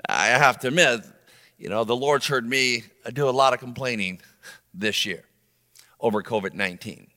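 A middle-aged man preaching a sermon, animated, swinging between loud emphasis and soft low asides. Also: normal speed. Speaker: pastor. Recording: long reverb of a large room.

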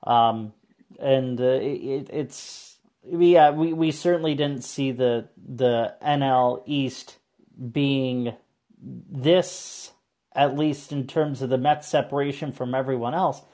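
A man's voice: mid-range voice, fairly even intonation, takes it slowly, mellow. A man co-hosting a podcast who steers a casual sports conversation and talks through his points. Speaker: podcast co-host.

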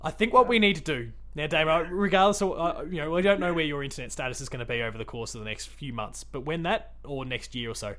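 A man's voice: a little high, fast talker, few pauses, a bit bright. A man hosting a casual gaming podcast, talking in a rambling, chatty way with frequent restarts. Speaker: podcast host.

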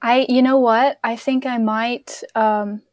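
A woman's voice: on the high side, fairly even intonation, takes it slowly, dry recording, clean studio sound. A woman from near Charlotte with a mild North Carolina accent, a guest in laid-back podcast chat. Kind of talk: casual chat.

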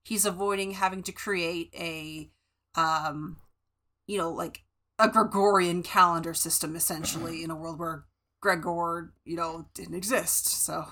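Bright-voiced chatty woman podcaster. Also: fairly low pitch, steady tone, unhurried. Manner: chatty, many fillers and restarts. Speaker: podcast co-host. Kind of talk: casual book discussion.

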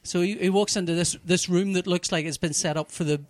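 A man telling a TV plot in casual chat, animated and profane, full of restarts. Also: high voice, fairly quick, no echo. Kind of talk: casual chat, recapping a TV show.

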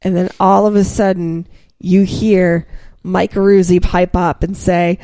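A young adult woman co-hosting a casual podcast chat, telling stories with building excitement. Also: on the low side, a little slow, dry recording. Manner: animated storyteller, builds excitement.

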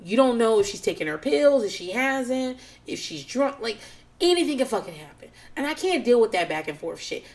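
A woman's voice: fairly high pitch, normal speed. A woman hosting a podcast, recapping a reality show in casual chat, swearing freely and switching to squealing mock quotes of the people she describes. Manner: animated, profane, jumps into squealing mock quotes; calls herself nervous and on edge.

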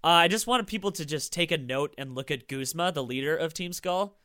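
A man chatting casually about games, quick and enthusiastic, swearing freely. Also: on the high side, sharp tone, no echo, clean studio sound.

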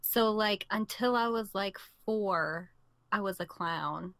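Brief: woman co-host, slow easy chat, dry close sound. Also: medium pitch, fairly bright tone, no echo. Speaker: podcast co-host. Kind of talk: casual chat.

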